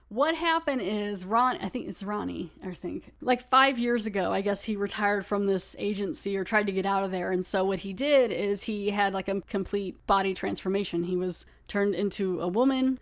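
A woman's voice: medium pitch, normal speed. Chatty woman podcast host reviewing. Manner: chatty, laughs, many "like" fillers. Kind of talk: casual episode review.

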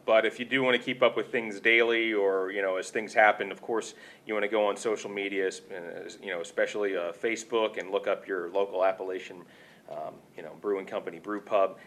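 A man's voice: fairly low pitch, a bit bright. A man hosting a company podcast, chatty and joking, rambling a little as he moves between topics. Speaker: podcast host. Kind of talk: casual chat.

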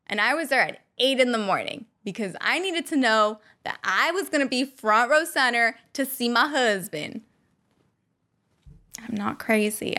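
A young woman telling animated, self-mocking stories to her viewers. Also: mid-range voice. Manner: animated, self-mocking, acts out quotes in loud squeals. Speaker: vlogger. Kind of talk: casual storytelling to camera.

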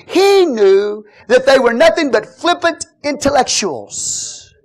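A man preaching a Pentecostal sermon, moving between fervent shouted praise and quieter teaching. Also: very high-pitched, big pitch swings, slow pace.

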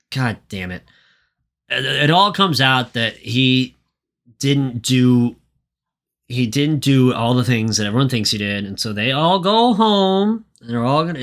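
A man's voice: mid-range voice, fairly bright tone. A man co-hosting a podcast, recapping a story in a casual, profane, rambling way. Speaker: podcast co-host. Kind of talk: casual chat.

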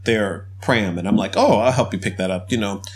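A man's voice: on the low side, brisk. A man co-hosting a casual talk podcast, responding readily and sharing his own experiences. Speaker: podcast co-host. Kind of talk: casual conversation.

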